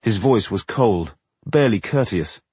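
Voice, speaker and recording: A man narrating a fantasy audiobook in an expressive storytelling manner, with a husky voice. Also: lowish voice, unhurried, no echo.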